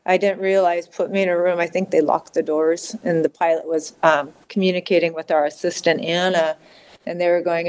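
Woman telling a painful story, halting. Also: on the low side, flat delivery, a little mellow, smooth. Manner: halting, with many restarts and fillers, acting out quoted voices. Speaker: podcast guest. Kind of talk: emotional personal storytelling.

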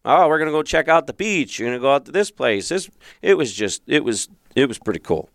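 A man hosting a show and telling his own story in a relaxed monologue, with many restarts and with past thoughts acted out in a raised voice. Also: mid-range voice, a little fast, no room sound, clean studio sound. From Philadelphia. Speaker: podcast host and relationship coach.

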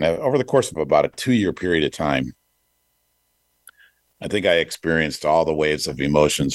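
A middle-aged man hosting a talk show, telling a personal story in an earnest, reflective way, pausing with fillers and restarting his sentences. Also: a bass voice, dry recording, studio quality. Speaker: podcast host.

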